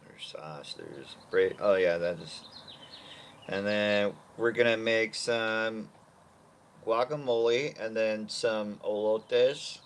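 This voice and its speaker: A man's voice: lowish voice, slow pace, slight background noise. A man hosting a casual cooking livestream, rambling and thinking aloud with many fillers.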